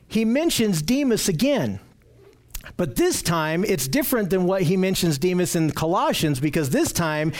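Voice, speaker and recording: A man preaching a sermon, teaching earnestly and emphatically, often repeating phrases for stress. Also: high voice.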